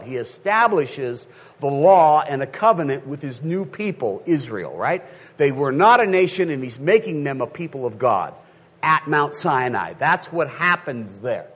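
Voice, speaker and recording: Preacher, male, fairly high husky voice, lively pitch, keeps asking the room if they follow. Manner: animated, checks in with listeners often. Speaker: pastor. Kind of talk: sermon.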